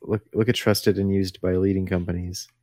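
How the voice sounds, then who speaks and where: A man's voice: low voice, little pitch movement, moderate pace, a little mellow, no echo. A man co-hosting a casual podcast who gives short, dry replies and points out small details. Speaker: podcast co-host. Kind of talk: casual chat.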